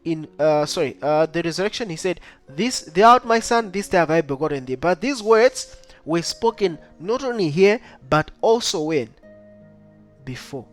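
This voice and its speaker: A man teaching a Bible study lesson, reading verses aloud and keeping up a steady stream of rhetorical questions to his listeners. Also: on the high side, moderate pace, soft background music. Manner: keeps asking the listener rhetorical questions like "right?" and "what?"; reads scripture aloud in old-style wording.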